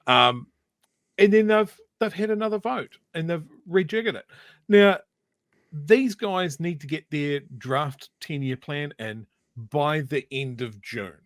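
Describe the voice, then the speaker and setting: A man's voice: on the high side, expressive, slow, fairly bright tone, no room sound, clean studio sound. A man with a New Zealand accent, co-hosting a casual political commentary show, emphatic and argumentative. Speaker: co-host.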